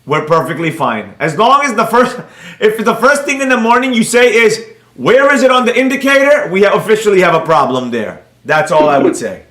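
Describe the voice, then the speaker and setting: Male livestream host, bright and animated, roomy echo. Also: sits high, fairly quick. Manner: animated, joking, addresses chat viewers by name. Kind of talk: casual livestream Q&A.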